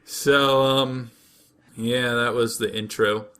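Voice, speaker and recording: A man hosting a podcast, chatting casually and telling stories in a rambling, animated way with frequent laughter. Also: mid-range voice, slow pace, clear, resonant tone. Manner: rambling, animated storyteller who laughs often. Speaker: podcast host. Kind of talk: casual chat recapping anime.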